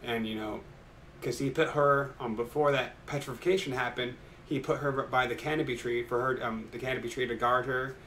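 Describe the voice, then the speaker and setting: A young man talks straight to his viewers in a loose, excited ramble, piling on fillers as he recaps an anime episode. His voice sits at an ordinary middle pitch. A faint hiss of noise sits under the recording. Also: brisk. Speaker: anime reaction YouTuber.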